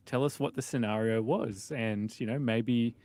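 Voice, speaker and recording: A man's voice: medium pitch, steady tone, normal speed, a little mellow, dry recording. Chatty young man hosting radio. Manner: chatty, repeats words, laughs easily. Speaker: radio host. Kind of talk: casual radio chat. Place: radio studio. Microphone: studio microphone.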